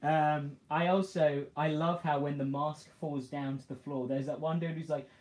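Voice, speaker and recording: A man's voice: on the high side, steady tone, normal speed, darkish tone. A man co-hosting a casual podcast review, laughing a lot and acting out scenes. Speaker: podcast co-host. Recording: echoey room.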